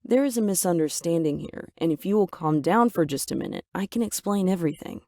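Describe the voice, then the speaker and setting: A woman voicing a calm, wise mother who speaks soothingly in an animated story. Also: on the low side, brisk, no echo, clean studio sound.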